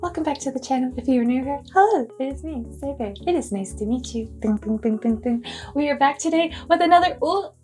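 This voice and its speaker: A young woman chatting excitedly in a casual cooking vlog, gushing and squealing with delight. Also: high voice, fast, soft background music. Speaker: cooking vlogger.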